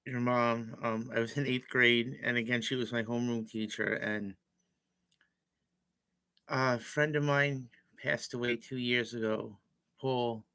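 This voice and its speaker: A man, telling stories on his livestream in a rambling, halting way. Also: mid-range voice, steady tone, pushed and bright, clean tone. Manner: rambling, halting, with fillers and self-corrections. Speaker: livestream host. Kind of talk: casual storytelling.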